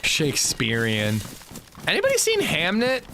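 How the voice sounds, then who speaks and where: A man's voice: high-pitched, huge pitch swings, moderate pace, pushed and bright, slight background noise. A man with a sore throat, giving rambling, casual commentary on his gameplay with lots of fillers. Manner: rambling, loose, full of fillers. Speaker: gaming livestreamer.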